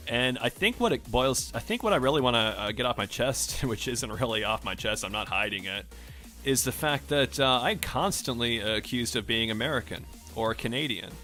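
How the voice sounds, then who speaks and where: A man's voice: lowish voice, bright, forceful tone. A man from Australia rambling in a casual rant over gameplay, with strongly emphasized R sounds and a self-questioning way of talking. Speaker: gaming vlogger.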